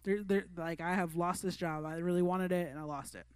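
A woman's voice: fairly low pitch, fairly even intonation, fairly quick, darkish tone, clear, resonant tone, no room sound, studio quality, pitched below the performer's own voice, close to an everyday voice. A woman voicing a panicked young male hotel worker who stammers out apologies. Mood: remorseful.

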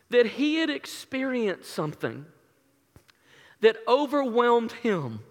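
A man's voice: extremely high pitch, very animated, a little slow, big-room sound. A male pastor telling an earnest, emotional story in a sermon, with many restarts.

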